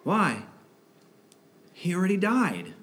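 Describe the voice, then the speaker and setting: Man, pastor, sermon, unhurried delivery, rhetorical questions, emphatic outbursts. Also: sits high, wildly swooping pitch, fairly bright tone. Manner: conversational preaching with rhetorical questions.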